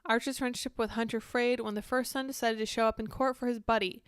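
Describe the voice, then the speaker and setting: Smooth-voiced sarcastic woman commentator. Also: fairly high pitch, fairly even intonation, no echo, clean studio sound. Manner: candid, sarcastic, quick to react and digress. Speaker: political commentary host. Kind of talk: casual political commentary, reading news aloud.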